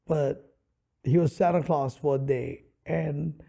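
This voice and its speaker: A middle-aged man from Hawaii, a comedian telling stories in an animated way with many fillers, on a studio podcast mic. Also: a little high, slow pace, creaky. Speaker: comedian and guest. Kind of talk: casual interview storytelling.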